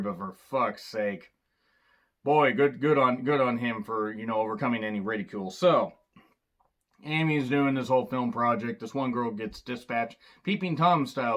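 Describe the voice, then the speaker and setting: A man talks through a casual film review in a mid-range voice, neither high nor low. He rambles loosely and keeps dropping sarcastic jokes and asides. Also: a bit bright. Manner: loose and rambling, with fillers and restarts. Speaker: movie reviewer.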